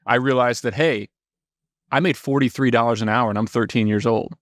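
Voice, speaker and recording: A man from Indiana, a podcast guest telling stories in a casual, animated way, swearing freely. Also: medium pitch, brisk, dry recording. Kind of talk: casual storytelling.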